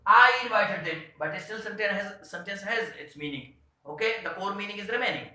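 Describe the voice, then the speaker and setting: A man teaching English grammar in a classroom-style lesson, his voice high and bright. He talks haltingly, leaning on "uh" and "you can say" as he searches for words. The room around him is strongly echoey.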